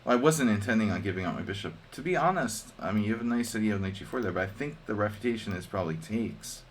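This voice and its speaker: A man talks through his chess moves on a live stream in a relaxed, joking way, often thinking aloud. His voice sits a little low. He chats with his viewers between variations. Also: quick pace, slight background noise. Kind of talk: casual live-stream commentary.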